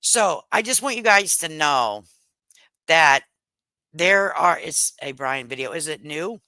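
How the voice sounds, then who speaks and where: A woman's voice: sits low, animated, slow, bright, forceful tone, dry recording, low-quality recording. A middle-aged woman, chatting casually and laughing on a live stream, speaking into a headset mic at home. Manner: chatty, laughs often, Southern slang. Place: home kitchen. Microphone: headset microphone.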